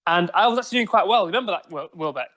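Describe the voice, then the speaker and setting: A man telling animated stories on a podcast, swearing often. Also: high voice, very fast. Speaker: podcast guest. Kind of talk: casual chat.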